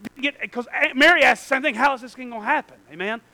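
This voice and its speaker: A man preaching a sermon to a church congregation, swinging from low asides to shouted, drawn-out peaks. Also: no echo, poor audio.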